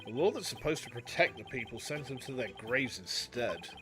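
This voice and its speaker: A man's voice: medium pitch, animated, normal speed, pitched below the performer's own voice, lightly acted. An English man reading aloud the lines of a laid-back middle-aged male rebel leader from a video game.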